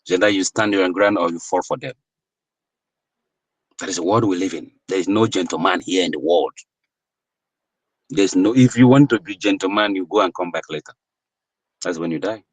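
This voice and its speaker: Pausing at length, a Nigerian man gives a preachy, impassioned political monologue as a commentator, firing rhetorical questions and building to emphatic peaks. His voice sits low at normal speed, and the recording is dry and rough.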